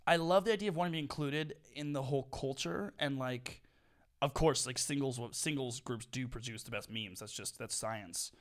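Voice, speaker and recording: A man's voice: medium pitch, moderate pace. A man co-hosting a podcast in casual chat, joking around and often slipping into funny put-on voices. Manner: animated, jokey, slips into funny voices. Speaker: podcast co-host.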